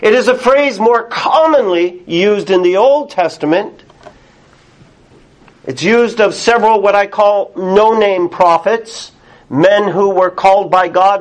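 A male pastor preaching a sermon in an earnest, emphatic way, pausing often and laughing softly. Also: sits high.

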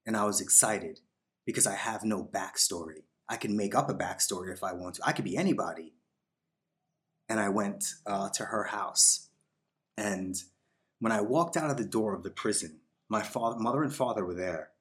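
A man who is a podcast guest, telling a personal story in a reflective, unhurried way, with fillers and voiced quotes. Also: on the low side, fairly bright tone.

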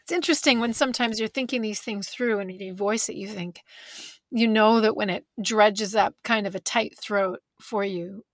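A woman's voice: mid-range voice, normal speed, no room sound. Woman, candid, reflective, teary, repeats words, dry close recording. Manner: candid, thoughtful, repeats words as she thinks. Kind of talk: reflective conversation.

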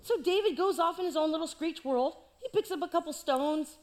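A woman's voice: very high-pitched, brisk. A woman preaching a sermon, telling the story playfully with jokes and asides.

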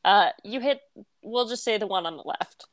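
A woman's voice: mid-range voice, lively intonation, moderate pace, dry recording. A woman narrating as game master of a tabletop game, casual and laughing often.

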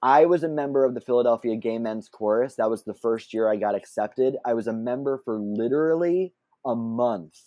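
Warm, chatty man telling a story. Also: mid-range voice, normal speed, no echo. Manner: chatty and self-deprecating, laughs often, many fillers and asides. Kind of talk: casual anecdotal storytelling.

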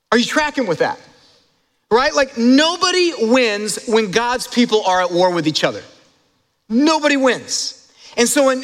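Male pastor, sermon, high voice, lively asides to the congregation, long hall reverb. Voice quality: animated, talks straight to the congregation with asides and laughs.

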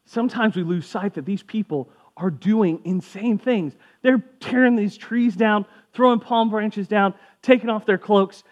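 A man's voice: sits high, unhurried, few pauses, dull audio. A man giving a casual sermon as a pastor, conversational and jokey, briefly acting out voices of people in the story.

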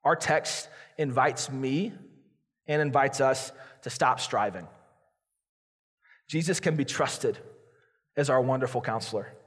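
A man's voice: mid-range voice, a little slow, pauses often, slightly rough. Pastor, male, preaching earnestly from the pulpit; voice carries a long reverb from a large hall. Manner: earnest, confessional preaching that acts out inner prayers. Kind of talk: sermon.

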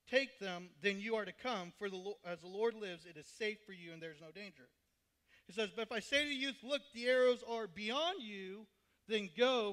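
A man's voice: sits high, sharp tone. A man preaching a sermon, reading scripture aloud and then explaining it in plain words.

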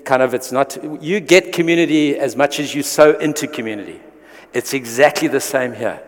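A man's voice: mid-range voice, normal speed, long reverb tail. A man preaching a sermon to his church, earnest and conversational, restarting phrases as he goes. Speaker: pastor.

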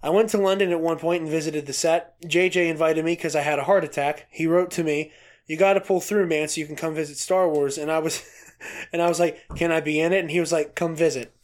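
A man co-hosting a podcast, reading a news story aloud in a casual, excitable way, laughing often and swearing casually. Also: a little high, a little fast. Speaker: podcast co-host.

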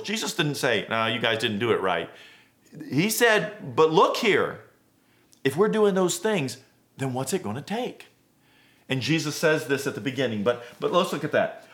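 Earnest pastor preaching casually. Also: male voice, on the high side, a bit bright. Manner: conversational, earnest, self-questioning, with many fillers and restarts. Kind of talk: sermon.

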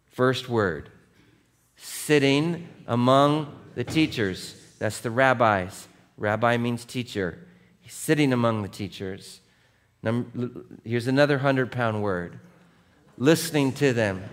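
A man's voice: mid-range voice, measured pace, a bit bright. A male pastor preaching a sermon in a conversational way, often checking in with the congregation and acting out scripture scenes. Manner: conversational, checks in with "right?" and "okay?"; acts out scripture scenes with voiced quotes.

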